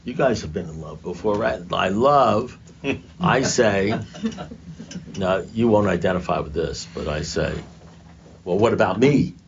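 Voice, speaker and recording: A man's voice: sits low, expressive, a little slow, creaky, slight background noise. An older man speaking at a recovery meeting, telling his story to a group in a conversational, self-mocking way, recorded in a muffled, lo-fi room.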